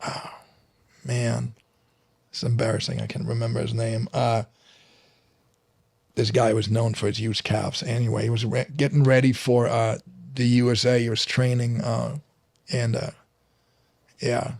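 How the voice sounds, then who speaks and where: A man's voice: medium pitch, level tone, measured pace, gravelly, long pauses, darkish tone, no echo, clean studio sound. A middle-aged man from Berlin with a German accent, a guest in a casual interview, telling stories with many restarts and fillers. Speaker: guest, fitness trainer.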